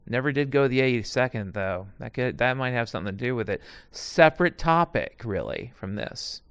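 A middle-aged man tells his stories in a loose, wandering monologue, swearing freely and often stopping to restart a thought. His voice is smooth and resonant, and it sits at an ordinary pitch for a man. The sound is dry and close, with no room around it. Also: expressive, moderate pace, a bit bright, dry recording. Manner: digressive, profane, frequent restarts and asides. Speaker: storyteller recounting past jobs. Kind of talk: casual rambling monologue.

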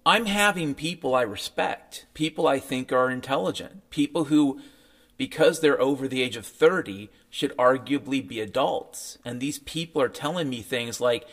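Over faint piano music, a podcast host with a mid-range, slightly bright voice launches into a sarcastic, foul-mouthed monologue at a moderate pace, ridiculing the things others say to him.

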